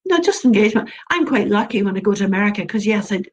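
A woman's voice: mid-range voice, expressive, racing. An Irish woman talking as a storyteller guest in an interview, earnest and emphatic, repeating her points. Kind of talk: interview conversation.

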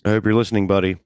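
Speaking slowly in a deep, gravelly register, this easygoing man drifts through an offhand monologue, swearing freely and laughing frequently. It's a close, dry recording without any room sound.

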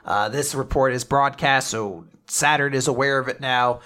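An excitable man on a podcast, walking through a comic chapter scene by scene and cursing freely. His voice climbs when he gets worked up. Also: medium pitch, moderate pace. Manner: animated, retells scenes by quoting characters, swears freely. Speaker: podcast co-host. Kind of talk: casual chat recapping a comic chapter.

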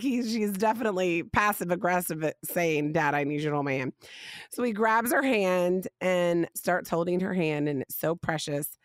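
A woman, hosting a podcast and telling a funny family story in a casual, animated way. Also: on the low side, dry recording. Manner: animated, laughing, rising emphasis on punchlines. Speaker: podcast host.

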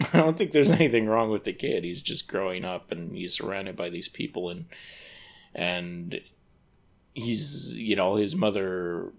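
A man with a low, gravelly voice co-hosts a casual podcast about film. He rambles loosely and gets animated when he acts out characters' lines. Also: unhurried. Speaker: podcast co-host.

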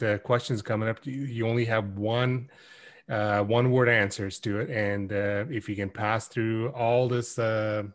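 A man co-hosting a podcast over a video call, talking casually with lots of fillers and restarts. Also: lowish voice. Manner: halting, many fillers and restarts. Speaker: podcast co-host.

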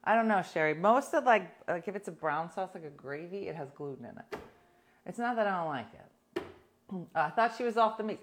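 A woman's voice: lowish voice, lively intonation, brisk. Wry, chatty woman on a livestream. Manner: wry, sarcastic storytelling, talking to viewers. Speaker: livestream host. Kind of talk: casual livestream chat.

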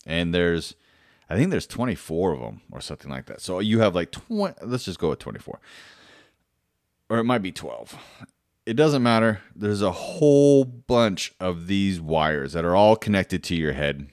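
A man's voice: deep voice, sing-song, normal speed, a little mellow, no echo, studio quality. A man casually telling a personal story, rambling and self-deprecating, with lots of fillers, restarts and swearing.

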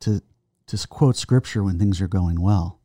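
A middle-aged man giving an earnest faith testimony in conversation, halting and restarting, reciting verses slowly. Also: low-pitched, dark tone, no room sound, clean studio sound. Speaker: guest, son of the host.

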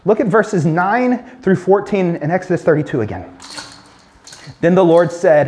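A man preaching a sermon, earnest and emphatic, slowing and dropping low on key phrases. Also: lively intonation, a little mellow. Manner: earnest, emphatic, slows and drops low when quoting God. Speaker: pastor.

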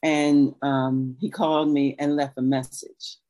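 A woman's voice: rumbling low, flat delivery, a little slow, mellow, no room sound, rough recording. A woman guest on a podcast, telling a personal story in a chatty way and acting out what others said. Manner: chatty, laughs often, acts out quotes. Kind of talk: casual storytelling.

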